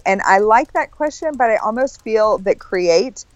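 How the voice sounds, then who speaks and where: A woman's voice: mid-range voice, lively intonation, a little slow, few pauses, no room sound. A woman chats playfully as a podcast co-host. Her voice comes through dry and slightly muffled, with the treble dulled. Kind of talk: casual chat. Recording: dull dry sound.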